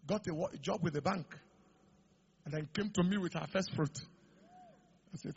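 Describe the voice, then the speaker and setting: A middle-aged man preaching a sermon, building up to shouted declarations. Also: sits high, moderate pace, vocal fry, pauses often, breathy edge, muffled recording. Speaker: pastor.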